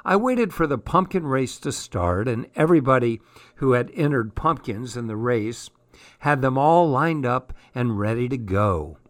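A man reading a spooky children's story aloud, measured and steady. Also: medium pitch, no echo. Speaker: story reader.

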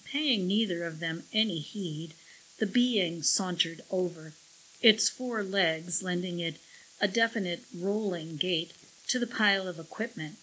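A woman narrating a science-fiction story in measured audiobook style. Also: on the low side, a bit bright, a little hiss or hum, low-quality recording.

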